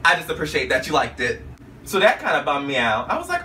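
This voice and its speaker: Flamboyant male vlogger, very animated sassy storyteller, bright voice, sits a bit off-mic with faint hum. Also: fast, recorded from a distance. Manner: flamboyant, sassy, keeps adding "okay?" and "honey"; jumps into high squeals when quoting himself. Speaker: vlogger recounting a talk show visit.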